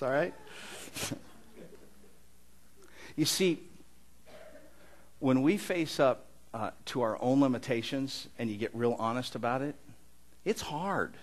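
A man's voice: medium pitch, slow, long pauses. A middle-aged man preaching a sermon in an earnest, conversational way with touches of humor. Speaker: pastor.

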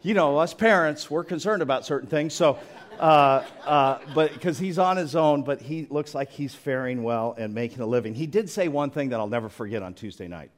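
A man's voice: medium pitch, expressive, normal speed. A middle-aged man preaching a sermon as pastor, chatty and joking, with frequent laughs.

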